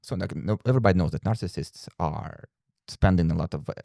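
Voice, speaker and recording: A man's voice: low voice, fast, gravelly, warm tone, no room sound, studio quality. A man hosting a podcast in casual chat, talking hesitantly and restarting his sentences often. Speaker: podcast host.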